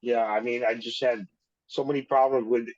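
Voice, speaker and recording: A man from Hawaii hosting a relaxed, conversational interview and asking easygoing questions. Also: mid-range voice, moderate pace. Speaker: host. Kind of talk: casual interview. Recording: dull lo-fi sound.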